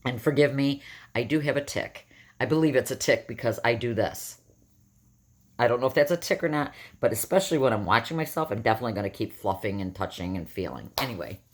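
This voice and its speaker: Vlogger, woman in her 50s, husky morning voice, lively and rambling delivery, lots of pitch swings. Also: fast. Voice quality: rough morning voice. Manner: rambling, self-correcting, animated. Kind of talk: casual personal storytelling.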